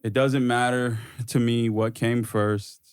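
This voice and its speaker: Male podcast co-host, emphatic casual talker, mid pitch. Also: little pitch movement, slow pace, clean tone. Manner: emphatic, laughing, repeats himself. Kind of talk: casual chat.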